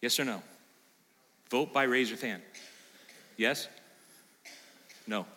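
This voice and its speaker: A male pastor preaches with a strikingly bright, ringing voice that carries a long reverb through the sanctuary. He keeps the sermon lively, tossing questions to the congregation and voicing the listeners' imagined replies. His pitch sits in an ordinary middle range for a man. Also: slow, slight background noise. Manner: animated, plays out imagined listener lines, quizzes the congregation. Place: church sanctuary.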